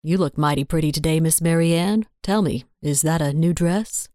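A woman reading the part of a charming, playful man who flatters with a drawl. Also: low-pitched, normal speed, no room sound, clean studio sound, lightly acted. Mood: flirting. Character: charming playful male knife-thrower.

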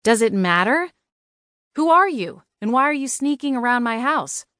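A woman's voice: fairly high pitch, animated, normal speed, fairly bright tone, no room sound, voice pushed up. Woman doing a feisty young witch, snappy and defiant, raised and pushy, dry close sound. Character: sharp-tongued young witch, first-person heroine.

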